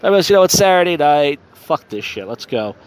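A man's voice: a little high, very animated, brisk. Drunk man rambling outdoors. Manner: rambling, crude, self-deprecating. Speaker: podcast host. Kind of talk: casual rambling podcast monologue, live streamed. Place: outdoors on a city street at night.

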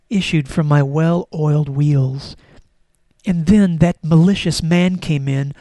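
A woman's voice: on the low side, warm tone, dry recording. A woman reading as a heartbroken, melodramatic wheelchair. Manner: mock-tragic, breaking into giggles. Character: grieving melodramatic wheelchair, lamenting. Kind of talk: reading a diary aloud.

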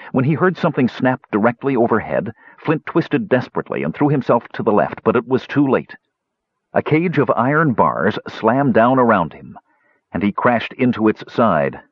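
A man reads a fantasy audiobook in a steady, measured way. His voice is very deep with a husky edge. The sound is dry and a bit dull, like a lo-fi recording. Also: no echo. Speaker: narrator. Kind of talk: audiobook narration.

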